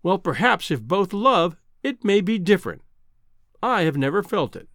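A man reading a novel aloud, voicing a proud, cool-headed young woman who gently turns down a suitor. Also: high-pitched, big pitch swings, moderate pace, no echo, clean studio sound, heavily acted. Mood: reproving. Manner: gently reproving, composed.

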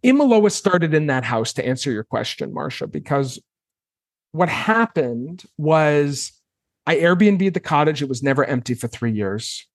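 A man in his thirties, a guest on an interview podcast, telling his story in a casual, animated way and acting out his own past reactions. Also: a little high, measured pace, no room sound, clean studio sound.

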